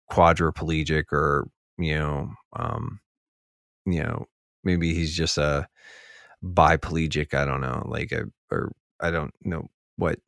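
A man's voice: extremely low pitch, creaky, fairly bright tone, dry recording, studio quality. A man talking on a casual podcast, rambling with lots of filler words and getting heated as he goes. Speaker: podcast speaker.

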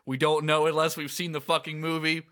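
A man's voice: on the high side, flat delivery, fairly quick, fairly bright tone. A man co-hosting a casual podcast, recapping a game with laughter, swearing and playful banter. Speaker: podcast co-host.

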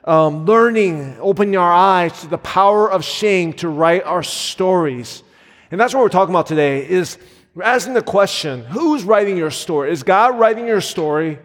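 A man in his thirties preaching a sermon as a pastor, earnest and conversational, with frequent fillers. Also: sits high. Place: church sanctuary. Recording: long hall reverb.

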